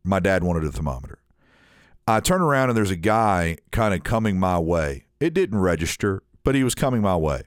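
A man co-hosting a podcast, telling a rambling, animated anecdote in casual chat and imitating the people in it. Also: low voice, a little fast, dry recording, clean studio sound. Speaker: podcast co-host.

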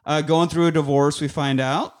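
A man's voice: fairly high pitch, steady tone, normal speed. Male podcast host, profane and laughing, casual film recap with acted-out lines. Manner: swears a lot, laughs, acts out movie lines.

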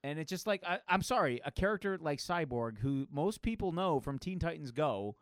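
A man's voice: fairly high pitch, animated, normal speed, no echo, studio quality. A man co-hosting a podcast, talking about comics casually and enthusiastically, rambling with many fillers. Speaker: podcast co-host. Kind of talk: casual comic book chat.

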